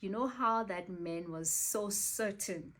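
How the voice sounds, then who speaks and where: A woman's voice: medium pitch, slow. Exasperated South African woman telling a story. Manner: animated, exasperated retelling with frequent laughs. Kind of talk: casual storytime vlog.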